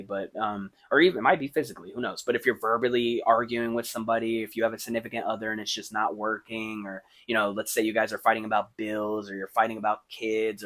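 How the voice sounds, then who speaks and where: A man hosting a podcast, giving casual motivational advice and thinking aloud with many fillers, swinging between hushed and emphatic. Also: on the low side. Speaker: podcast host.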